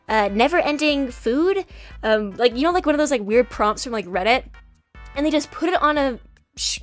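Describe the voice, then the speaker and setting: A woman telling a storytime vlog in a sassy, chatty way, full of "like". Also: fairly high pitch. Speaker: YouTube graphics artist. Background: faint background music.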